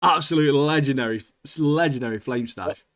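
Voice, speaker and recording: A man's voice: medium pitch, normal speed, fairly bright tone. A man co-hosting a podcast, chatting casually and laughing often. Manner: laughing, slangy, says "mate" a lot. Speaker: podcast co-host. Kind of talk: casual chat.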